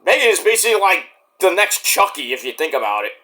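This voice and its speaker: A man's voice: high voice, very animated, fast talker, bright, forceful tone. A man hosting a casual solo podcast, rambling and swearing freely as he loses his thread. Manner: rambling and profane, trailing off. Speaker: podcast host.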